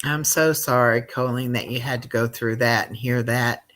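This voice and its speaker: A woman hosting a live chat, calm and reassuring toward a caller. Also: rumbling low, normal speed. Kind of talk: casual chat.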